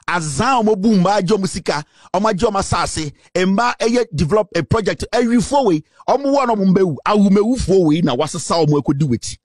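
A man's voice: fairly high pitch, no echo, studio quality. A man with a Ghanaian accent giving a scornful political commentary rant, hurling insults. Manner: scornful, insulting, mocking laughter.

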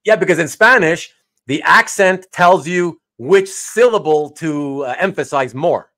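Relaxed male host walking a guest through a collection over a call. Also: on the high side, measured pace. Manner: relaxed, laughs easily, explains patiently. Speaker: show host. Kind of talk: casual chat about comic art.

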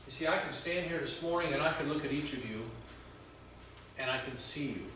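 A male pastor giving a conversational sermon, telling stories with halting restarts. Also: fairly high pitch, background noise. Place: church sanctuary. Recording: very echoey church hall from far off.

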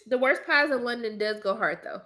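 A young woman who comments on movies rants briskly and bluntly to her viewers in a high, bright voice. She's casual, sassy, and emphatic, delivering everything with an animated, fired-up edge.

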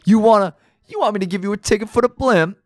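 A man voicing a gruff, domineering mob boss in a video game playthrough, talking tough in a gangster manner. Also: high-pitched, fast, no room sound, clean studio sound, voice pushed up, lightly acted. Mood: scoffing. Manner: tough-guy gangster talk, clipped threats. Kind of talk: let's play voice acting.

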